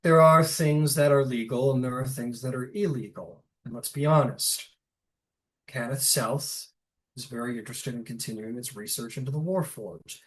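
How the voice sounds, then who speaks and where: A man's voice: mid-range voice, normal speed, natural voice, rough recording. A man voicing a scheming noble baron, persuasive and businesslike in a fantasy game.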